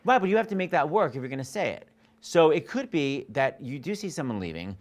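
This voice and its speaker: A man coaching a singer in a master class, animated and jokey, acting out lines and scatting melodies. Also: on the high side, brisk. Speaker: vocal coach. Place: studio or rehearsal room.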